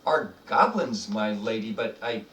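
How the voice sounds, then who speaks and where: A man's voice: on the low side, expressive, unhurried, fairly bright tone, echoey room, distant mic, a little hiss or hum. A man voicing a polite companion character who sounds puzzled. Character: loyal companion, plainly spoken.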